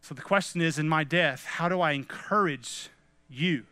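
A man's voice: fairly high pitch, normal speed, pushed and bright, dry recording. A man preaching a devotional message in an earnest way, often turning to his listeners as friends.

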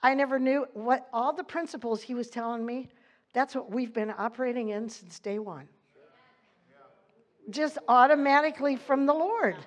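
A woman pastor preaching with fervent, emphatic delivery, laughing often and reading scripture slowly. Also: high voice. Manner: reads scripture slowly and deliberately. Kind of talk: sermon.

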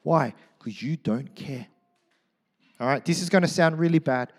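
A middle-aged man preaching a sermon in church, animated and joking, swinging from loud to hushed. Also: a little high, moderate pace, big-room sound. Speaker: pastor.

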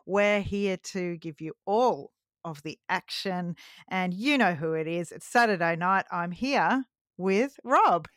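A woman's voice: fairly low pitch, a little slow, fairly bright tone, dry recording, studio quality. A woman hosting a casual podcast, chatting and teasing her co-host. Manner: playful, teasing.

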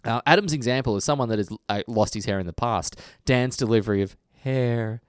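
A man's voice: mid-range voice, dry recording, clean studio sound. An Australian man hosting a casual podcast chat, reading out listener mail between asides. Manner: chatty, reads listener mail, slips into quick impressions. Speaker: podcast host.

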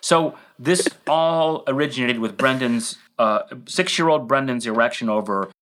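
A man's voice: medium pitch, moderate pace, background noise. Rambling self-deprecating middle-aged man. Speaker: podcast co-host. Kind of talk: casual podcast storytelling.

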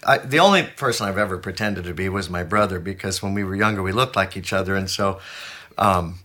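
A man in his sixties chatting casually as a guest, telling stories in an animated way and laughing often. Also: deep voice, fairly quick. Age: 60s. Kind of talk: casual chat.

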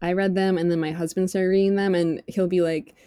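A young woman chatting casually about books, animated and full of "like" fillers. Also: on the low side, a little fast, no echo, studio quality. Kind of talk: casual chat.

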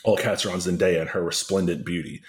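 A man's voice: low-pitched, fairly even intonation, fast talker. A man co-hosting a podcast, narrating a parody story in a casual comedic way, with asides and chuckles.

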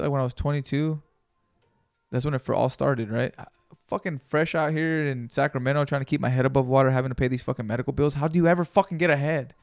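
A man's voice: mid-range voice, creaky, a little mellow, no room sound, studio quality. A man hosting a solo podcast, talking in a casual, rambling, profane and motivational way. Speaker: podcast host.

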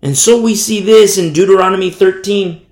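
A tired man preaching a sermon in a lively way, acting out the people he quotes. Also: sits high, moderate pace, echoey room. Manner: animated, mimics the people he quotes. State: tired from no sleep.

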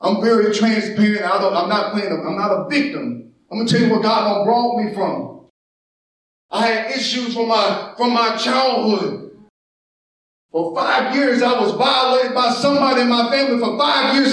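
Man, preacher, high voice, impassioned sermon, shouting at times, far from the mic. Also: fairly even intonation, normal speed. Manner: impassioned, calls out to the congregation, often shouting. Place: church. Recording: echoey church sound from far off.

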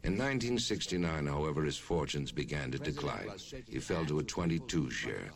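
A man with a deep gravelly voice giving a measured, scripted film narration. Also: lively intonation, a crowd in the background, exaggerated voice. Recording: film clip with music underneath.

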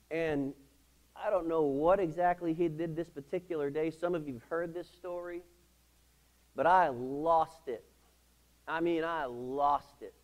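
Animated man preaching with a story. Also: a little high, rough recording. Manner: animated, self-deprecating storyteller who asks the audience questions. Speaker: pastor. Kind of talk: sermon storytelling. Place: church service.

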